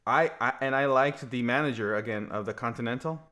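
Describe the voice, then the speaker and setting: A man's voice: mid-range voice, fairly quick, pushed and bright. A man co-hosting a casual movie review podcast, talking in rambling bursts with many restarts. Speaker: podcast co-host.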